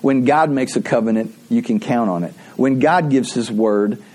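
A man's voice: medium pitch, normal speed, a little mellow. A middle-aged man preaching a sermon as pastor, in a conversational, storytelling way.

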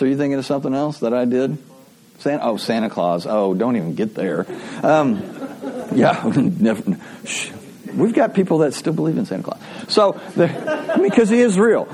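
A man's voice: a little high, big pitch swings, normal speed, mellow, some chatter behind. A middle-aged man preaching a sermon as pastor, in a conversational, storytelling way.

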